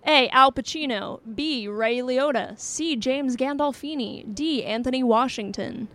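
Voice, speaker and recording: Running a trivia game, this woman reads each question and its choices aloud, joking around and laughing often. Her voice is high and a bit bright, her pace a little slow.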